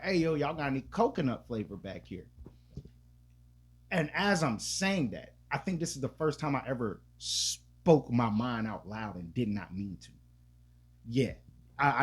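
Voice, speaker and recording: A man with a husky, slightly rough voice chats on a podcast. He talks in a loose, profane, rambling way, often restarting his sentences, and his pitch sits in an ordinary middle range. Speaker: podcast co-host. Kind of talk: casual storytelling chat.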